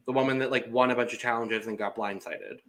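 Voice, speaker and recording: Brief: male co-host, bright and forceful tone, animated and dramatic chat, quick to laugh. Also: medium pitch. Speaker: podcast co-host. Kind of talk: casual reality TV recap chat.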